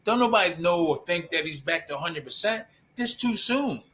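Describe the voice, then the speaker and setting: A man's voice: high voice, animated, moderate pace, pushed and bright. An older man with a Philadelphia accent, a boxing champion chatting loosely on a show, repeating himself and laughing often. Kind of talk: casual boxing chat.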